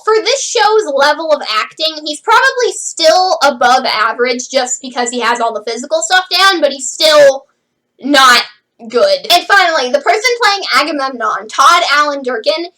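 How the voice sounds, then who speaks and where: A woman reviewing a show in a casual, sarcastic way, her high voice swooping up and down as she goes. She has a bright, sharp tone and keeps dropping "like" into her sentences. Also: very animated, moderate pace, low-quality recording. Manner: chatty, sarcastic, lots of "like" fillers. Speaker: host reviewing a TV series.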